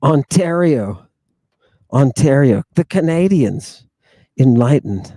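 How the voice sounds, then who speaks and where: A man hosting a channel in a rambling livestream monologue, reading out viewer comments and talking through them in an excitable, sardonic way full of exclamations and rhetorical questions. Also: mid-range voice, slow, no room sound. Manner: sardonic and mocking. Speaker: channel host.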